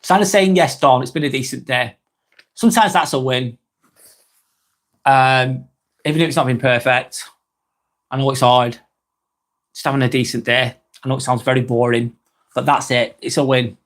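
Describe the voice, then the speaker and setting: A man's voice: mid-range voice, steady tone, moderate pace, long pauses, a bit bright. A man hosting a live stream, reading viewers' comments aloud and chatting back in a casual, rambling way. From England.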